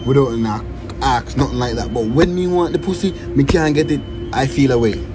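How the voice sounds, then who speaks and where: Man, mid voice, emphatic complaint, music loud behind. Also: medium pitch, brisk. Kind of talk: comic confession clip.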